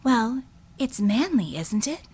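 A woman voicing a reluctant, flustered female superhero officer who speaks hesitantly and in hushed tones. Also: a little high, sing-song, takes it slowly, husky, pitched above the performer's own voice, heavily acted.

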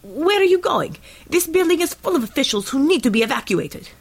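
A woman's voice: sits high, big pitch swings, fairly quick, vocal fry, voice pushed up, full character voice. A woman doing a blustering old male official. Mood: indignant. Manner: shouting, indignant. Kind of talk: audiobook character voice.

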